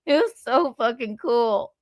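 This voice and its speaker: Brash woman streamer, kinda high voice, swears a lot and giggles, reads chat on a close dry mic. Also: expressive, measured pace, no echo. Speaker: livestream host. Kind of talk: casual chat reading viewer comments.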